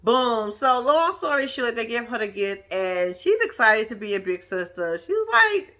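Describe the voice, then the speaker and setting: Woman, bright lively voice, chatty slangy TV recap vlogger. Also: on the high side, moderate pace, hardly any pauses. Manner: animated, slangy, laughs often. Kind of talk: casual recap commentary.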